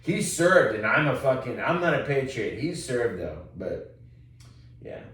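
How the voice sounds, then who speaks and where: Profane, animated man in an echoey room. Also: medium pitch, a little slow. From Texas. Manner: profane, animated storytelling, loud when quoting himself. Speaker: podcast co-host. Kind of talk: casual chat. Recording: roomy echo, distant mic.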